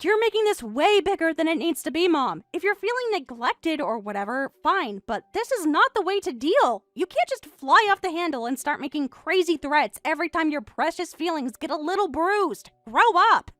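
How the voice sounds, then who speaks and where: A woman's voice: very high-pitched, very animated, normal speed, few pauses, fairly bright tone, no echo, faint music behind, exaggerated voice. A woman playing a snippy bratty daughter. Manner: snippy, eye-rolling retorts. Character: bratty young adult daughter, dismissive and impatient. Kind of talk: text-message story voice acting.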